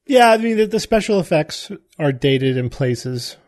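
A man's voice: fairly high pitch, big pitch swings, moderate pace, darkish tone, dry recording, clean studio sound. A man hosting a podcast, chatting casually and giving blunt opinions. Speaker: podcast host. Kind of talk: casual chat.

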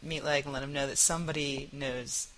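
Bright-voiced teasing woman podcaster. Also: extremely low pitch, steady tone, brisk, rough recording. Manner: playful and teasing, laughs often. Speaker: podcast co-host. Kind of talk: casual podcast banter.

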